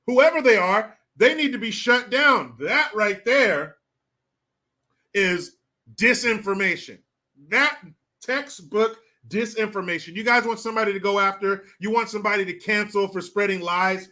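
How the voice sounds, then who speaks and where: Guy ranting political commentary, sarcastic and swearing a lot, high-pitched. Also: normal speed, pushed and bright. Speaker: host.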